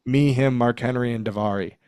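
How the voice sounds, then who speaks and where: Recorded dry with clean studio sound, this man in his forties speaks at a medium pitch and a fairly quick pace, his tone clear and resonant. He's an ex-wrestler in a casual interview, animatedly telling backstage tales, performing the quotes and laughing often.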